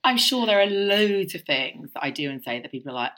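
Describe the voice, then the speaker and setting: Lively low-voiced woman chatting. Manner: animated, emphatic, quick to laugh. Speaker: podcast co-host. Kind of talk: casual chat.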